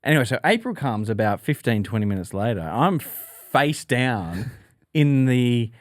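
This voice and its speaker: Animated man telling a story. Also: unhurried, no echo, clean studio sound. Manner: animated, jumps into high-pitched voices for quoted people. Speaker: podcast co-host. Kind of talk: casual storytelling chat.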